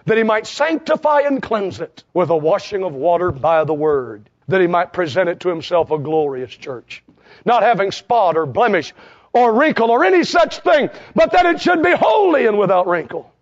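A male preacher delivering a sermon, quoting scripture and swinging between shouted peaks and low, hushed asides. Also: big pitch swings, moderate pace. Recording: dull lo-fi sound.

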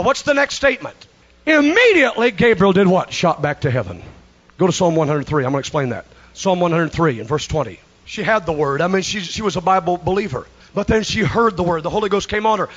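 A man delivers an impassioned sermon in a high voice, rising to shouts and then dropping to low, hushed phrases. The recording is dull and lo-fi. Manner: impassioned preaching with big swings between shouts and hushed lines. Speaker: preacher.

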